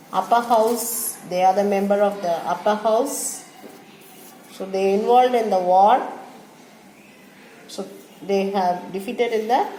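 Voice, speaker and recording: A woman teacher giving a history lecture, halting and restarting her phrases and repeating dates as she explains. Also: medium pitch, warm tone. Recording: echoey room with faint hum.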